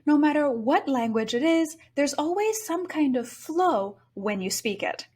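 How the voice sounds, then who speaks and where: A bicultural Japanese woman, a language teacher, explaining pronunciation in a clear, explanatory lesson. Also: high-pitched, lively intonation, unhurried, darkish tone.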